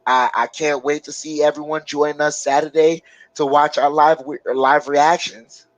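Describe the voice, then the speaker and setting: A man co-hosting a loose live-stream sports talk, his voice sitting on the higher side. He rambles and hesitates, filling gaps as he thinks. The sound is dry and close, with no room echo. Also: level tone, muffled recording. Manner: rambling, halting with many fillers. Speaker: co-host.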